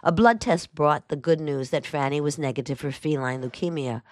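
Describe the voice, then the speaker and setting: A woman reading a first-person memoir aloud as a narrator, in a dry, even storytelling manner. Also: deep voice, moderate pace, no room sound. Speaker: audiobook narrator.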